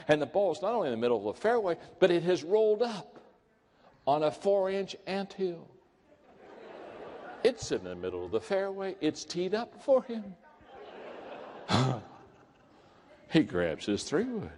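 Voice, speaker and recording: A man giving a humorous motivational talk, telling jokes and acting out quotes in a higher voice. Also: sing-song, moderate pace, pauses often, darkish tone, slight background noise. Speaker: speaker. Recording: long hall reverb.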